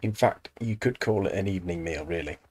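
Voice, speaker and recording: A man's voice: low voice, brisk, a little mellow, breathy edge. An English man hosting a let's play, chatting casually over gameplay with self-deprecating asides.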